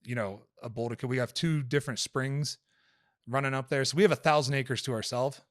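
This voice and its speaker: A man's voice: mid-range voice, brisk, a bit bright, dry recording. Swearing, rambling male storyteller, dry sound. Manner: profane, rambling storyteller with many fillers. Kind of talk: casual podcast conversation.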